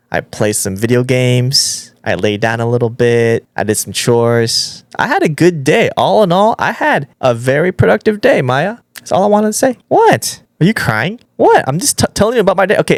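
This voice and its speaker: A man's voice: medium pitch, dry recording. A man streamer trolling an AI voice in casual chat, teasing and exclaiming.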